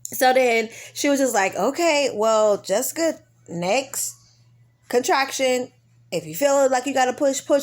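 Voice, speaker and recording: A woman's voice: high voice, moderate pace. A woman in her thirties casually telling a birth story to her viewers, acting out the voices of the people in it. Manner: animated retelling, acting out her own pleas. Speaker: vlogger.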